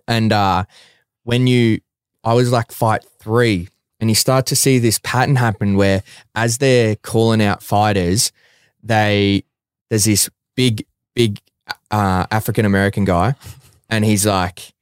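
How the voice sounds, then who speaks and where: A young man with a fairly low, smooth voice recounts a story in casual interview chat. He drops swear words freely and acts out what others said. The sound is close and dry. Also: fairly even intonation, measured pace, dry recording. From Australia. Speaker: guest, professional fighter.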